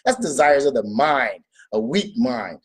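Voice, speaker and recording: A man's voice: medium pitch, animated, measured pace, slightly rough. A man giving a motivational talk in an emphatic, preachy way. He repeats his points and asks questions, then answers them himself. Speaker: motivational speaker.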